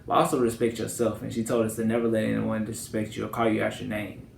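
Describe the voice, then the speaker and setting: Here the Louisiana vlogger sounds lowish, level, and gravelly, talking fast as he tells casual stories to camera in a country accent. He rambles loosely and repeats "and stuff," and the recording is reverberant with slight background noise.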